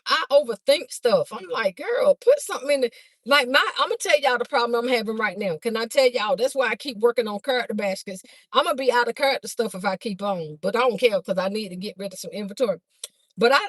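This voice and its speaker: A woman chatting fast on a phone livestream to her viewers, a bit out of breath as she walks from a car through a garage into a house. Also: a little high, no echo. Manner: chatty, talks fast to viewers, calls them "y'all". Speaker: livestream host and vendor. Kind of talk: casual livestream chat to viewers. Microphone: phone held by hand.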